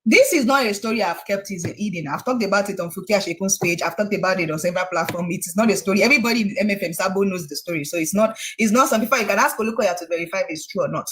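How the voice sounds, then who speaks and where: A woman's voice: medium pitch, racing, few pauses, fairly bright tone. A young woman with a Nigerian accent tells her own story as an interview guest. She talks animatedly and with emphasis, often restarting a phrase before pushing on.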